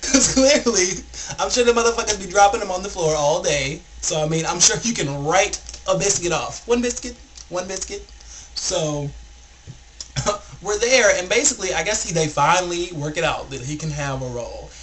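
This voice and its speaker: A young man tells a rambling story in a fairly high, animated voice, leaning on a steady stream of filler words. His casual vlog delivery wanders but keeps going. A clear hiss of background noise runs through the recording. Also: normal speed. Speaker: vlogger.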